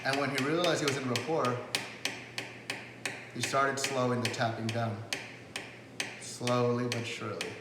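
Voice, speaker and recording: A man's voice: medium pitch, normal speed, pauses often, very noisy. A man teaching rapport skills in a loose, chatty spoken lesson, full of fillers, restarts and acted-out quotes. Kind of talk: casual spoken lesson to camera. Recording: echoey room with long reverb.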